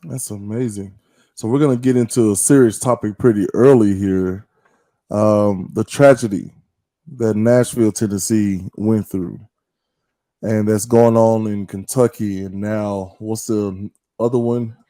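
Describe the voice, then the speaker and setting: A man's voice: lowish voice, steady tone, measured pace, mellow, no room sound. A man hosting an interview, playful and teasing as he asks questions. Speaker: podcast host.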